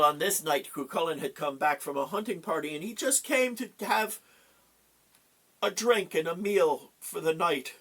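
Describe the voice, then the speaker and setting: A man telling a folk tale aloud in an animated, dramatic way with pauses. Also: high voice. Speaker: storyteller.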